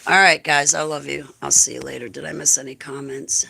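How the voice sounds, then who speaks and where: A woman's voice: rumbling low, flat delivery, fairly quick, vocal fry, bright, forceful tone, a little hiss or hum. A woman hosting a livestream, talking casually and bluntly to her viewers, rambling from topic to topic and chuckling often. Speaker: livestream host.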